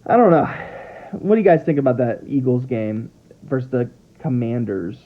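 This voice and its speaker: Male sports vlogger, mid-range voice, rambling and animated, tinny phone-quality audio. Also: mid-range voice, moderate pace. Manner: rambling, animated, trips over words. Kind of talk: casual football commentary. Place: at home with his dogs.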